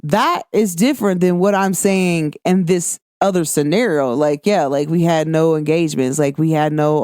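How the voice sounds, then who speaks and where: Animated woman podcaster, dry close sound. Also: low voice, normal speed, few pauses, no echo. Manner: animated, expressive, acts out quoted lines. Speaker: podcast host. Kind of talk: casual chat.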